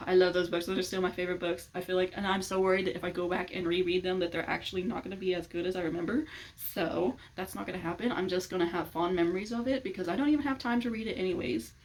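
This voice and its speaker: A woman's voice: on the low side, fairly even intonation, fast talker, rough recording. A young woman in casual chat to the camera, giggling often as she rambles and gushes. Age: young adult. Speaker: vlogger.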